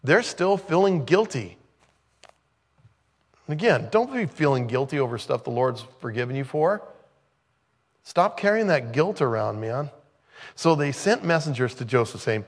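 A man preaching as a pastor, teaching through a scripture passage conversationally and growing animated when he retells the scenes. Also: mid-range voice, unhurried, long pauses. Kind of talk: expository sermon.

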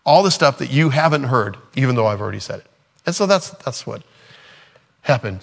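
A man's voice: medium pitch, lively intonation, a little fast, creaky. Earnest conversational male preacher. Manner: acts out scripture dialogue in different voices. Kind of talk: sermon.

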